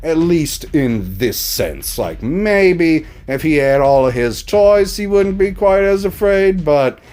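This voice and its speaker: A man's voice: a little high, sing-song, slow pace, a little mellow. A man recapping a TV episode in a casual, profane, exasperated way. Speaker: TV reaction reviewer.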